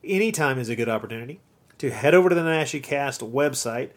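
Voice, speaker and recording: Animated, profane male podcast co-host. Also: medium pitch, quick pace. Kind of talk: casual chat.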